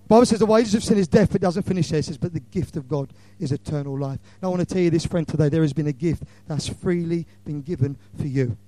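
A middle-aged man delivers an impassioned sermon in a mellow, warm voice that sits a little high. He swings between loud declarations and hushed asides. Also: fast, hardly any pauses. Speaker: preacher. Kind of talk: evangelistic sermon.

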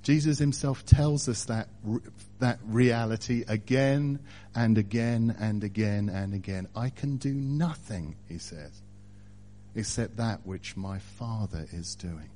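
A man preaching a sermon, speaking deliberately and building to louder emphatic passages. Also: lowish voice, slight background noise.

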